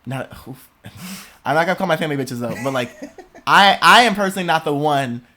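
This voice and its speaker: A young man hosting a podcast in casual chat, expressive and dramatic, laughing often. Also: on the high side, fairly quick. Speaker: podcast host.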